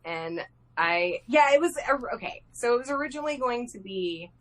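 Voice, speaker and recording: A woman artist talking as a guest on a live video interview, excitable, swearing freely and laughing often. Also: on the high side, moderate pace. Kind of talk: casual interview over a live video stream. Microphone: video call.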